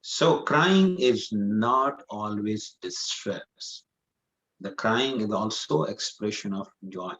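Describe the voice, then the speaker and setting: A man's voice: on the low side, lively intonation, takes it slowly, fairly bright tone. A man answering a student's question in a scripture class, earnest and repetitive, leaning on "you know" as he explains. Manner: earnest, repeats points, many "you know" fillers. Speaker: spiritual teacher. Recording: dull lo-fi sound.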